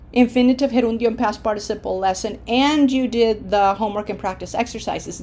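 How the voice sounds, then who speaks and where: A woman teaching a Spanish verb lesson, modeling each word slowly and stressing the syllables. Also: medium pitch, darkish tone. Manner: slow, deliberate modeling of words, stressing syllables. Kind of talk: language lesson with drills.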